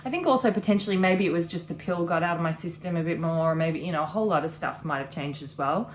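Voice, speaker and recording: A vlogger in her thirties chats casually, earnest and reflective, in long run-on sentences. Her voice is on the low side and fast, with slight background noise.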